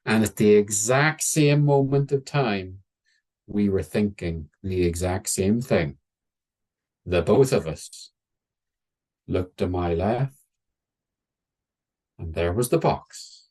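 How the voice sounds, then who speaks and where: Husky storyteller. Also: male voice, on the low side, a little mellow. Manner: wry, conversational, with dramatic slowdowns. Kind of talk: oral storytelling.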